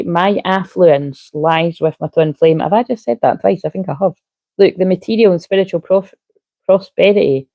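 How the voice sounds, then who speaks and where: A woman's voice: on the low side, no room sound, lo-fi sound. A woman giving a casual, rambling tarot reading, drifting off topic and swearing now and then. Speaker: tarot reader.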